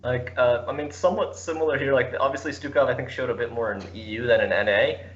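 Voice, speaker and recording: A man's voice: mid-range voice, fast, a bit bright, a little hiss or hum. A man in casual chat who laughs easily and trips over his words, repeating little starts before finding his point. His voice sits in a middle register and comes through dull and muffled, like lo-fi online call audio. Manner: laughs often, stammering restarts. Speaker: esports player guest.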